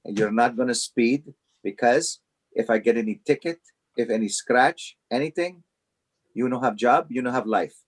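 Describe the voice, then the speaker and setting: A man voicing a stern middle-aged Italian boss with a deep voice and broken English. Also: moderate pace, close to an everyday voice.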